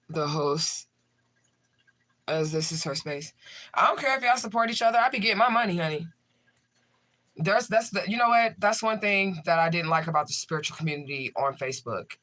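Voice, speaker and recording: A man's voice: a little high, moderate pace, pushed and bright. A man, a tarot reader, chatting casually and profanely to his livestream viewers.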